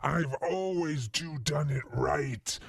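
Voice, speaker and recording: A man voices a menacing killer caller with a gravelly, husky voice. He speaks slowly and needles the host with snide interruptions. The sound is dry and close. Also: a little high, no room sound, heavily acted. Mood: needling. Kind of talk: comedic audio drama.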